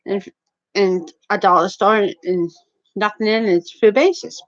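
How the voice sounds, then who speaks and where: A woman's voice: mid-range voice, fairly even intonation, normal speed. A woman who retells an everyday run-in in a rambling, repetitive, indignant way. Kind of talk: rambling storytelling to camera. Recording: dull lo-fi recording.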